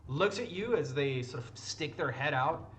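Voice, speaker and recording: A man's voice: a little high, lively intonation, moderate pace, a bit bright, slight background noise. A man running a tabletop game as game master, narrating scenes with many fillers. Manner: descriptive, filler-heavy narration.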